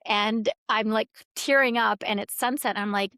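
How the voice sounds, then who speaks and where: A woman's voice: on the high side, fairly even intonation, moderate pace, sharp tone, clean tone, no echo, studio quality. A woman guest on a podcast, telling stories in a rambling, casual way, with many fillers and quoted dialogue. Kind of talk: casual conversational storytelling.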